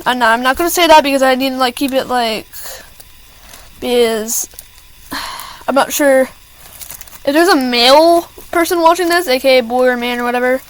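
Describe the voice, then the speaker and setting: A woman's voice: high voice, moderate pace, pauses often, clear, resonant tone, rough recording. A teenage girl ranting to camera about school, rambling with lots of fillers and restarts and stopping to apologize. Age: teens. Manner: apologetic asides. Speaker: student venting to camera. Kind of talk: casual rant.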